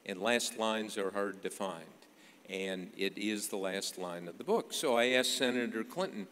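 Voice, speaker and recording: An older man with a lowish, somewhat bright voice tells an anecdote to an audience, unhurried and full of dry humor, often stopping with fillers. The storytelling speech carries the long reverb of a large hall, with slight background noise.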